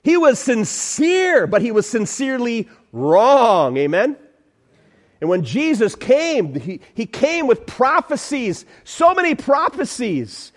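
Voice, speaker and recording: A man's voice: extremely high pitch, sing-song, slow. A man preaching a sermon as pastor in a church, emphatic, repeating phrases and calling out to the congregation.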